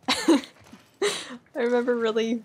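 Speaking slowly in a slightly high voice, a young woman streams a let's-play with casual, chatty commentary. She giggles and makes fun of herself, and background noise can be heard.

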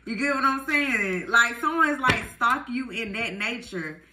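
Woman, tarot reader, chatty, animated, fairly high voice, echoey room. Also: measured pace, noisy background. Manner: chatty, animated, full of fillers like "like" and "y'all". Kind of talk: casual tarot reading to viewers.

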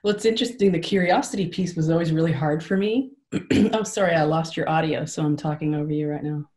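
Low-voiced woman co-hosting a video call. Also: fast talker. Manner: animated and rambling, with laughs and self-corrections. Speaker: co-host leading the session. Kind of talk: casual chat on a video call.

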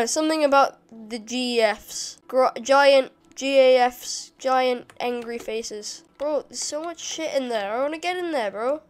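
A high-pitched woman narrating her game as she plays, excitable and full of swearing. She shouts insults at the enemies on screen. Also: measured pace, few pauses. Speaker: gamer. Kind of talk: gameplay commentary.

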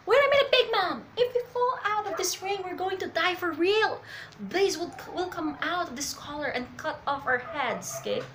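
A woman reading aloud the lines of a brash young male pirate hero in loud, excited outbursts. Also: high-pitched, moderate pace, hardly any pauses, background noise. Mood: urgent.

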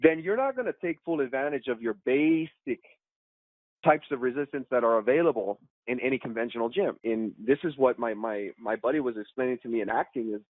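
A man, an actor guest on a podcast, telling a story in an animated, slangy way and calling people "man", "dude" and "bro". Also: medium pitch, a little fast, no echo. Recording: tinny phone-like remote call line, dry.

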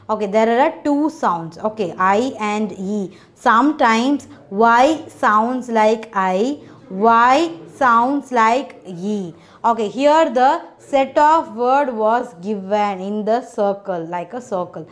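A woman's voice: a little high, fairly bright tone. A woman teaching a children's phonics lesson, spelling out letters one by one, repeating each word and checking in with "okay".

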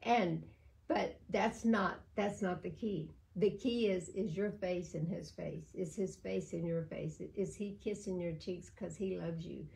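Older woman preacher, gravelly low voice. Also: unhurried, a little mellow, poor audio. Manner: fervent, repeats phrases, laughs often. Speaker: pastor and co-host. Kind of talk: preaching in casual talk.

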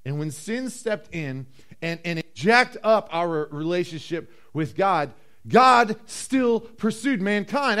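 A high-pitched male pastor preaching in church, lively and animated, acting out little voices and then sinking low and slow to press a point home. His delivery swings between bursts of energy and quiet, weighty moments. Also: clear, resonant tone. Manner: animated storytelling, acts out voices, drops low and slow for emphasis. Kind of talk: sermon.

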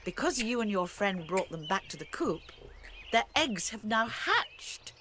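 A woman voicing a kindly elderly grandmother pig in a cartoon game, talking in a gentle, calm and reassuring way. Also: mid-range voice, measured pace, noisy background. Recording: game audio with loud music behind.

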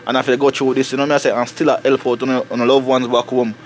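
A man with a Jamaican accent talking casually to camera for his family vlog outdoors in the snow, animated and preachy, slipping into patois. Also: mid-range voice, fast, a little hiss or hum. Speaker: family vlogger.

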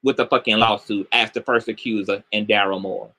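A middle-aged man hosting a livestream commentary show, animated and sassy, swearing heavily and greeting viewers by name. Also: on the low side, fairly quick.

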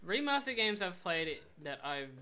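A young man giving rambling, swear-heavy commentary on a game, with sudden loud outbursts. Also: high-pitched, big pitch swings, moderate pace, clean tone. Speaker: gameplay commentator. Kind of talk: casual let's play commentary.

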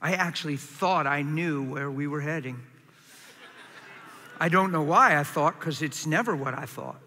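A man preaching a sermon to a crowd in a large hall, passionate, acting out complaining voices in a higher tone. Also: measured pace, pushed and bright, slight background noise.

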